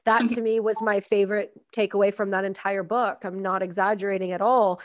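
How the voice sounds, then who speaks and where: A woman hosting a podcast interview, talking emphatically and effusively and acting out quotes in animated voices. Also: mid-range voice, brisk, dry recording. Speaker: podcast host. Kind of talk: casual interview conversation. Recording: dry, dull audio.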